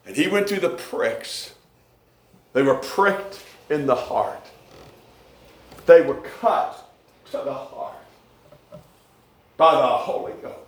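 Dramatic preacher, echoey church. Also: male voice, animated, slow pace, long pauses. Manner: rhythmic, swinging between hushed lows and shouted peaks.

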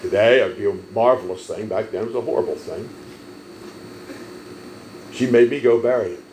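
A man preaching a sermon, telling stories emphatically and swelling loud on key lines. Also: on the low side, moderate pace, slight background noise, poor audio. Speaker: pastor.

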